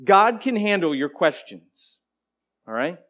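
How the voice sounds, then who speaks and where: High-voiced preaching man, emphatic. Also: very animated, slow pace, highs cut off. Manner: emphatic preaching with dramatic swings between loud declarations and hushed asides; conversational asides to the congregation. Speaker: pastor. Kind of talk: sermon.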